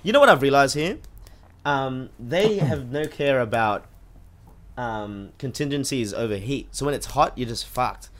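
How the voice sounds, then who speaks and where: A man's voice: medium pitch, lively intonation, moderate pace. A man co-hosting a casual podcast, loose and profane, stumbling over his words. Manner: loose and swearing, stumbles and restarts. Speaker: podcast co-host. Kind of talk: casual chat. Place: living in London.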